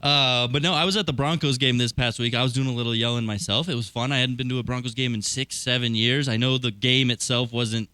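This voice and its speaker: A man's voice: medium pitch, fairly even intonation, bright, forceful tone, smooth, dry recording. A man hosting a sports talk show, chatting in an upbeat, chatty way. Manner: upbeat, chatty and fast-moving. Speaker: host.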